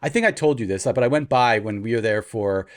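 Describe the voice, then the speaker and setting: A man's voice: mid-range voice, brisk. A man co-hosting a podcast, telling stories in casual chat and acting out the people he quotes. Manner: animated, acts out quotes in shifting voices. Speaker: podcast co-host.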